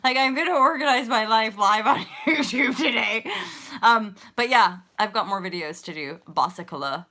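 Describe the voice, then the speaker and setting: A woman's voice: a little high, moderate pace, pushed and bright. A woman in her thirties hosting a casual spiritual livestream, rambling and giggling as she talks to viewers in the chat. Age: 30s. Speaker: host of a spiritual livestream show.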